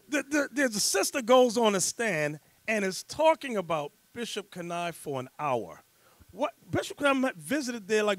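A man leading a scripture class as bishop, preaching fiery and loud, breaking into rants and shouts. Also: high voice, no echo, clean studio sound. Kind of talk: sermon with rant and teaching.

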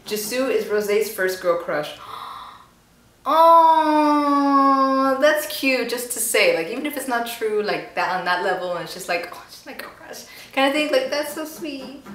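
A woman's voice: high voice, animated, measured pace, a bit bright. A woman hosting a reaction video at home, chatting playfully and talking back at the screen. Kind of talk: casual reaction commentary. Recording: roomy echo, distant from mic, faint music.

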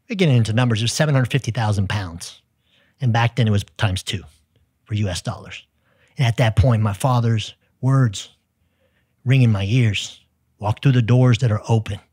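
A Texan man, a sales executive, telling lively business stories as a podcast guest, acting out the people in them. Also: mid-range voice, no echo, clean studio sound. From United States. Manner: energetic, tells stories with quoted dialogue. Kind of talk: storytelling in conversation.

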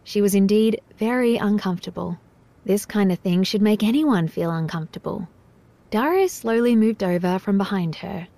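A woman narrating an audiobook in an even, measured reading. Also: mid-range voice, creaky, no echo.

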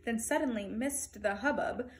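A woman reading a picture book aloud to children, expressive, with playful asides to her listeners. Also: on the high side, normal speed.

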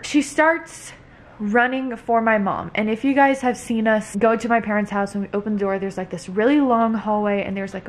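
A young woman vlogging at home, casually telling a family story with lots of "like" and acted-out quotes. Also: mid-range voice. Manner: chatty, lots of "like", acts out quotes. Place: home, indoors with toddler.

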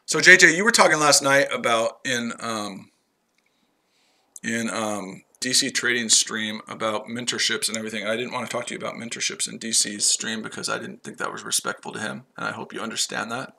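A man's voice: on the low side, fairly even intonation, a little fast, gravelly, pushed and bright. A man hosting a trading livestream, brash and profane, chatting to viewers by name and trash-talking rivals. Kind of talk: casual livestream chat.

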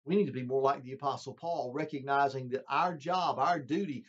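A man's voice: medium pitch, brisk, husky. A male preacher delivering a sermon in an earnest, emphatic way, addressing his listeners as friends. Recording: dull lo-fi sound.

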